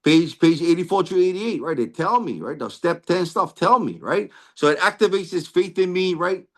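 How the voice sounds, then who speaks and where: Hawaiian-accented man, recovery testimony, raised pitch, lively melody, constant "right?" tags. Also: normal speed. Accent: Hawaiian Pidgin-inflected English. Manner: tags nearly every phrase with "right?", earnest and repetitive; frequent restarts and stammered repeats. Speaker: recovery meeting speaker.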